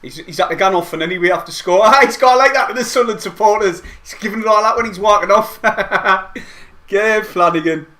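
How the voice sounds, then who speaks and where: A man giving excitable, rambling play-by-play of a match from home, as host of a fan watch-along. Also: high voice, brisk. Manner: excitable, rambling fan commentary with mild swearing. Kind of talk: casual live play-by-play commentary. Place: at home, not at the stadium.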